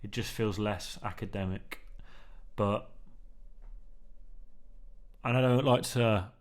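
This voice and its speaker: A man's voice: fairly low pitch, slow pace. A man vlogging in a loose, meandering monologue, full of ums and restarts, often tagging sentences with "man", while testing a newly bought mic. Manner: meandering, filler-heavy, keeps saying "man". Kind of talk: casual rambling monologue. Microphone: newly bought mic, under test.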